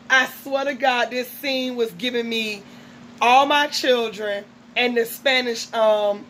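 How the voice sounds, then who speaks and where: Gossipy lady recapping a show, kinda high voice, faint hum behind. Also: slow pace, a bit bright, rough recording. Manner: chatty, gossipy, with fillers. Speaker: reality TV recapper. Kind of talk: casual recap chat.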